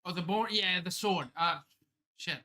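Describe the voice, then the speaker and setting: On a live stream, a man reads a manga chapter aloud, breaking into excited outbursts and casual swearing. His voice sits high, and he takes an unhurried pace.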